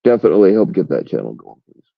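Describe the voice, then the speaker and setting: A man with a very low, gravelly voice hosts a livestream, chatting loosely and rambling from one thing to the next, swearing freely. The recording is dull and lo-fi. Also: very animated, fast talker, no room sound. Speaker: livestream host. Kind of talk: casual livestream chat.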